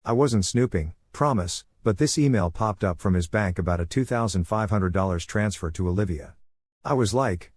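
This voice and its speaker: A man narrating a first-person drama story in a calm, cool tone. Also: fairly low pitch, normal speed, no echo, studio quality.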